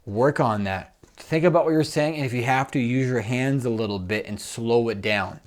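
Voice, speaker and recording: A man's voice: mid-range voice, normal speed. A man coaching interview skills in a recorded summary, talking straight to a camera and repeating his points. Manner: direct, instructive, repeats "make sure" and "all right".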